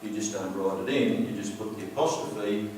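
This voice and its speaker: Low-voiced teacher in a very echoey room. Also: male voice, a little mellow, slight background noise. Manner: patient, repetitive explaining, slows down to stress words. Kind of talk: slide-based grammar lesson. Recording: very echoey room, distant mic.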